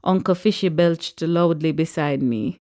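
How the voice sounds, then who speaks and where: Lively woman narrating a story. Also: deep voice, measured pace. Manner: lively, character-driven reading. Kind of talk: audiobook narration.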